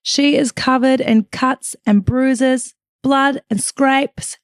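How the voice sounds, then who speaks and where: Woman co-host, chatty true crime storyteller, fairly high voice, hotel room. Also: steady tone, slow, no room sound, clean studio sound. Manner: dramatic, chatty with swearing asides. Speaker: podcast co-host.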